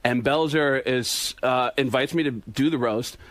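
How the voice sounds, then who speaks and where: A man telling stories on a talk show, animated and dropping into impressions of other people as he goes. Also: medium pitch, unhurried, no echo. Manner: animated, slips into impressions of others mid-story. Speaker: impressionist guest. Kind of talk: casual storytelling on a radio talk show.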